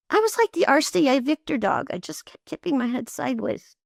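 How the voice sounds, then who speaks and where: An older woman telling lively, expressive stories as an interview guest, often laughing. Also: sits high, fairly quick, vocal fry, no echo, studio quality. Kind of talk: animated storytelling.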